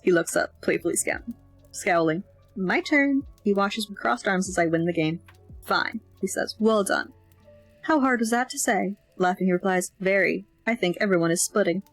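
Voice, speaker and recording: Woman, audiobook narrator, first-person, expressive, mid pitch, faint background music. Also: rough recording. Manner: expressive, lively dialogue reading.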